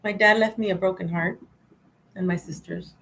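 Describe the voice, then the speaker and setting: A woman's voice: fairly low pitch, steady tone, moderate pace, vocal fry, fairly bright tone, low-quality recording. A woman hosting a casual spiritual livestream, rambling and repeating phrases, often laughing. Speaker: livestream host.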